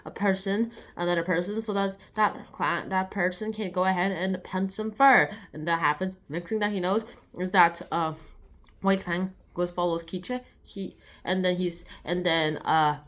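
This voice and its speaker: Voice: mid-range voice, fairly even intonation, moderate pace, fairly bright tone. A young speaker casually summarizing a novel on their channel, rambling with many restarts and acting out scenes. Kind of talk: casual spoken book summary.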